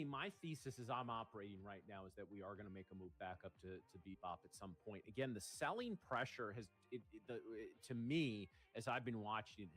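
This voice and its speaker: A man co-hosting a livestream, giving measured, analytical live trading commentary while thinking aloud. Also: fairly low pitch, a bit bright. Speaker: day trader co-hosting a livestream.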